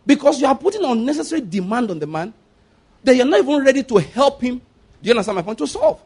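A man preaching a sermon as pastor, emphatic, often asking the congregation if they follow and swinging between loud and hushed delivery. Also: very high voice, sing-song, fast, slightly rough.

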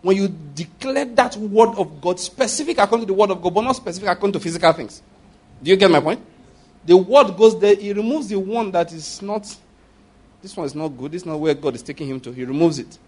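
A man preaching an animated sermon, his voice husky and a little high for a man. He repeats his points and keeps asking the listeners whether they follow. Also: brisk. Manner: animated preaching, acting out prayers and dialogue; repeats phrases and asks the audience for agreement. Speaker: pastor.

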